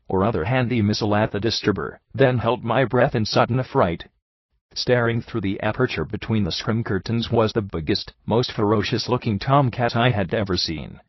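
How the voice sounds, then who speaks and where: A man reading a first-person story aloud as an audiobook, in a measured, deliberate way. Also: on the low side, no echo, muffled recording. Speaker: audiobook reader.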